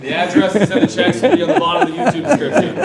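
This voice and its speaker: A man's voice: high-pitched, big pitch swings, very fast, a loud crowd. A man in the audience of a class making joking asides. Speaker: class participant.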